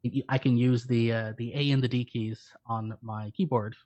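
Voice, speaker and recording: A man with an Irish accent, co-hosting a live stream in quick, rapid-fire casual chat. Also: mid-range voice, fairly even intonation, a little mellow. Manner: rapid-fire, self-described fast talker. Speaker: co-host. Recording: dull lo-fi stream audio.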